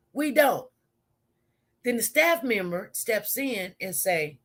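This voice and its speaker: A woman's voice: mid-range voice, expressive, unhurried, fairly bright tone. Rambling woman telling a work story. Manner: rambling, repetitive, talks straight to viewers. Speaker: nurse. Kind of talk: casual live-stream storytelling.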